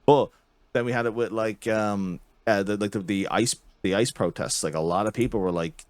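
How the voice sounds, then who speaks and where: Heated, profane man with a low voice. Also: moderate pace, dry recording. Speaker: podcast host. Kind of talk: casual political chat.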